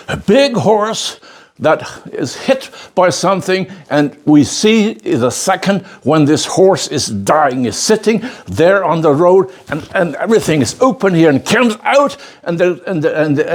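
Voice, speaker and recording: An older man teaching a bonsai masterclass, telling a story with emphasis, often restarting his phrases and checking in with an "okay?". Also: sits high. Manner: emphatic storyteller, many restarts and repeated words; checks in with the audience with a frequent "okay?". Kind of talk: spoken lecture to a class.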